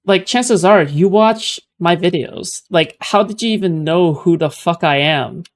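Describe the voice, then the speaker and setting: A man's voice: high-pitched, a little slow. A man streaming, giving casual commentary on a clip in a rambling, sarcastic way with lots of filler words. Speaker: streamer reacting to clips.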